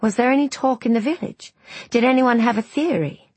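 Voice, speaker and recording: A woman's voice: fairly high pitch, brisk, darkish tone, slightly rough, no echo, pitched above the performer's own voice. A woman voicing a curious, polite young woman who asks eager questions.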